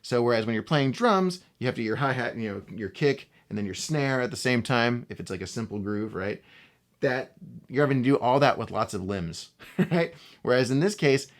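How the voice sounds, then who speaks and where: A man teaching a casual guitar lesson, speaking in a relaxed way and often checking in with the viewer. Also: mid-range voice, normal speed. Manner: relaxed, talks to the viewer with frequent "right?" and "okay?". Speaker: guitar instructor.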